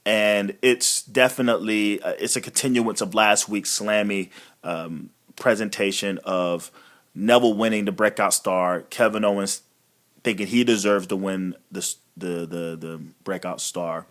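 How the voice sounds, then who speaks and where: A man's voice: on the low side, steady tone, a little slow, fairly bright tone. A man giving a casual, rambling recap of a wrestling show, blunt and swearing freely. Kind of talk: casual profane recap monologue.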